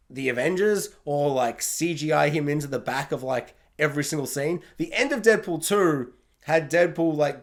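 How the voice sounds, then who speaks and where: A man casually reviewing a film, excitable and jokey, acting out reactions as he talks. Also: fairly high pitch, creaky. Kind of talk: casual spoiler review to camera.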